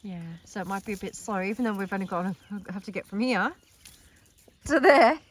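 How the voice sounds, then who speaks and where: Animated and brisk, a middle-aged Australian woman walks her farm's paddocks filming her animal sanctuary on a handheld phone, her voice shifting in distance. She narrates the vlog casually, chatting warmly and cooing affectionately at the animals in a high baby voice.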